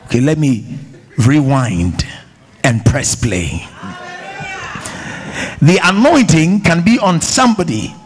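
African-accented man preaching, rousing call and response, voice sits a bit high. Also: expressive, takes it slowly, pauses often, a little hiss or hum. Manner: emphatic, call-and-response with congregation. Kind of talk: sermon. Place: church hall with congregation.

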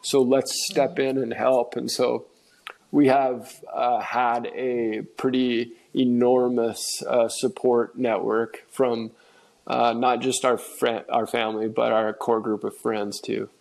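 A man from Washington state, a guest on a podcast, talking in an earnest, reflective way and often pausing to find his words over a remote recording setup. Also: medium pitch, level tone, creaky, darkish tone. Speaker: podcast guest, father of an autistic son. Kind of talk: conversational interview.

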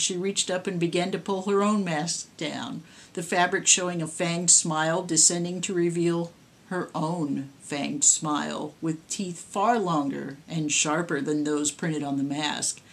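A woman, the author, reading her own horror story aloud in a measured storytelling way. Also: fairly low pitch.

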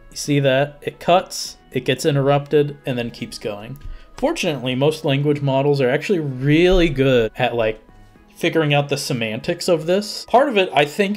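Easygoing man explaining software, faint music. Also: mid-range voice. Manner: relaxed, conversational, explains step by step with fillers. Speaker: software tutorial host. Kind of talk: casual screen-recorded tutorial.

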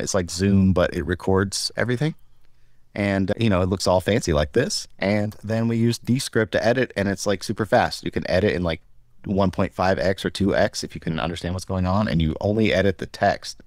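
Male podcast co-host, casual joking chat, low voice, dry close sound. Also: dry recording. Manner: loose, joking, laughs easily. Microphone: remote streaming app.

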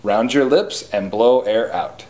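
Slow, careful male language teacher. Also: on the low side, darkish tone. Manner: slow, careful, repeats words for learners. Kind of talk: slow pronunciation lesson.

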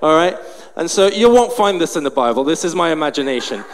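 A man tells a story from the pulpit in a high voice. He acts out every scene with animation and sounds out of breath. The sound comes from a large hall with a long reverb tail and a faint hiss underneath. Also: expressive, fast. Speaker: pastor. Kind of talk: storytelling sermon.

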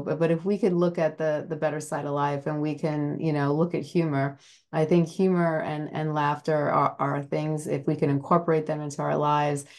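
A woman's voice: low-pitched, a little mellow. A woman hosting a podcast interview, talking earnestly and rambling with many fillers. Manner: rambling, full of "you know" fillers; earnest and admiring. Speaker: podcast host. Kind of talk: casual interview chat.

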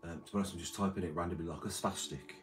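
A man's voice: low voice, steady tone, very fast, noisy background. A man reading out and answering chat on a livestream, rambling with crude, mumbled banter. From Britain. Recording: streamer mic with loud music behind. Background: music playing.

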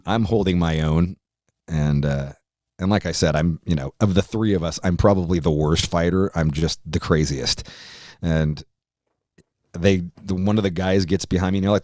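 A man with a very low voice tells a long, rough anecdote as a podcast guest, swearing freely and laughing through it. The sound is close and dry, with no room around him. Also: darkish tone, no room sound. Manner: profane, rambling, laughs while telling. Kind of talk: casual storytelling anecdote.

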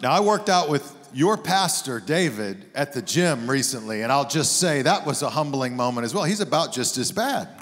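A man's voice: medium pitch, sing-song, moderate pace, hardly any pauses, a bit bright. A man preaching a sermon as a guest pastor, telling stories in a conversational, joking way. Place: church sanctuary. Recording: long hall reverb.

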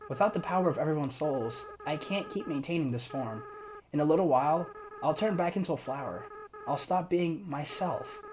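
A man's voice: fairly high pitch, expressive, noisy background, close to an everyday voice. A man voicing a remorseful young goat-monster boy. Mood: sad. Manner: soft, slow reading of on-screen dialogue. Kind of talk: reading game dialogue aloud.

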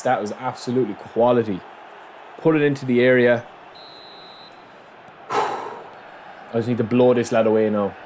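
A man gives running commentary on his own football video game. His pitch sits in the middle, and he drops to low mutters, then jumps into loud excited shouts. A faint room hum sits under his desk mic. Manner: excitable, bursts into shouts at goals, addresses viewers as lads. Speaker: gaming YouTuber.

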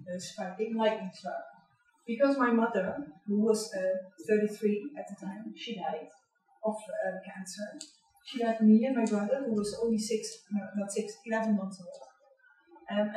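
A middle-aged woman with a Dutch accent, giving a candid, personal university lecture in a large hall, often pausing on "um" and checking in with "right?". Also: medium pitch, dark tone. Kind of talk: public lecture. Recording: echoey hall, distant mic.

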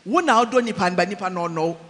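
Man, preacher, very high voice, long church reverb, animated, switches between English and Twi. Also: racing. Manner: animated, mixing English with Twi, shouting and dropping low. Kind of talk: sermon.

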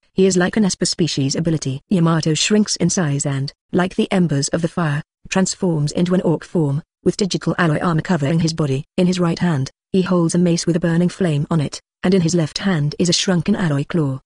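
A synthetic-sounding narrator reading a translated fantasy novel in a steady, even manner without fillers. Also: mid-range voice, husky, no room sound, studio quality. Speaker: audiobook narrator.

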